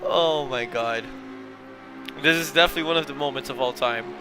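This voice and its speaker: Music plays behind a young man giving live commentary on a sim race at a fairly quick pace and medium pitch. A bout of hiccups leaves him flustered, apologising and poking fun at himself between calls.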